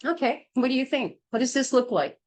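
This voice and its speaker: A woman's voice: high-pitched, expressive, a little fast, darkish tone, poor audio. A woman teaching a childbirth class in a blunt, emphatic, hard-hitting way. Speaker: childbirth educator.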